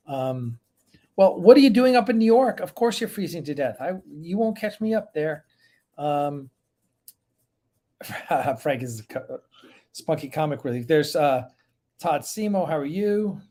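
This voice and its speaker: A man's voice: fairly high pitch, mellow. A man hosting a casual live stream, chatting loosely, greeting viewers one by one by name and rambling between asides.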